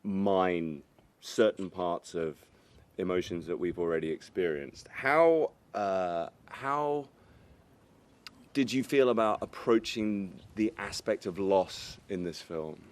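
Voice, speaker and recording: A man's voice: sits low, slow. A man interviewing two actors, asking searching questions with some hesitation.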